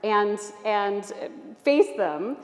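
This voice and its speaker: A woman leading a workshop group through a gentle exercise, with an encouraging, inviting way of talking. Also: mid-range voice, animated, very slow. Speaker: Alexander Technique teacher leading a workshop. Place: church. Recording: echoey church hall.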